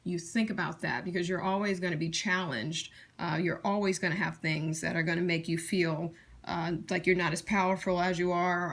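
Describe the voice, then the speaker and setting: A woman teaching tarot in a casual, blunt, chatty way, often restarting her sentences and slipping into quick acted-out scenes. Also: lowish voice, steady tone. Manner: blunt, chatty, acts out scenarios in quick asides; frequent fillers and restarts.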